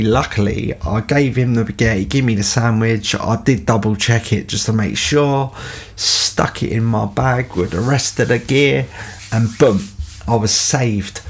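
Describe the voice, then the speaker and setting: Casting: man, gravelly and husky voice, rambling storyteller. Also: mid-range voice. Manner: rambling, peppered with fillers. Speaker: podcast host telling stories. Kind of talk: casual anecdote.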